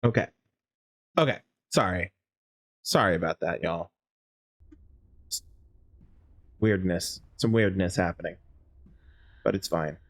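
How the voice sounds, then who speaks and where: Slow, low-voiced man commenting on gameplay. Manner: low-key, hesitant, apologetic. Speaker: gaming channel host.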